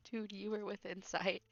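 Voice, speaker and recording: A woman's voice: medium pitch, no room sound. A woman streamer giving casual gameplay commentary, laughing often and making sarcastic, teasing remarks. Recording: dull lo-fi stream audio with faint game music.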